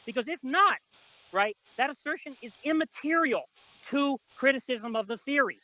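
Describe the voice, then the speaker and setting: A high, animated male voice hammers the same question again and again, cutting in and lecturing without pause. His tone is bright and sharp. The sound is dry, with almost no room around it, as on a video call. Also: no echo, muffled recording. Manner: insistent, repetitive, interrupting, lecturing. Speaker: debater. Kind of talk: heated debate on an online call.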